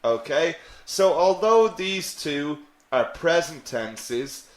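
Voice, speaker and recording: A man teaching a live online English lesson, slow and patient, who repeats phrases and answers viewers' questions. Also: on the high side, expressive. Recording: echoey room.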